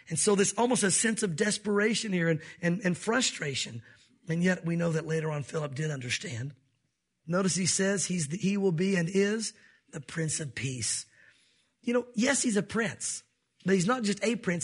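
A man's voice: high voice, moderate pace, husky. A man preaching a sermon as pastor, emphatic and conversational with light jokes.

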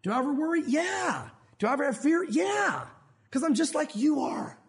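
A man pastor preaching an animated sermon in a church, acting out quotes from scripture. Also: extremely high pitch, very fast.

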